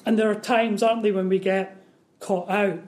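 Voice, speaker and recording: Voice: medium pitch, fairly even intonation, moderate pace, darkish tone. A preacher giving a sermon on a Bible passage, earnest and prone to repeating words and asking the congregation rhetorical questions.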